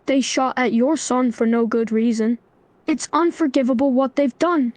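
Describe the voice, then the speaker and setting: A synthetic female voice reading the lines of a stern young man who lectures in an even tone. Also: sits high, moderate pace, dry recording, close to an everyday voice.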